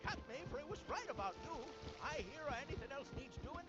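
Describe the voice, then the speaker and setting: High, lively game character. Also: male voice, fairly quick, lo-fi sound, soft background music, exaggerated voice. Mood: approving.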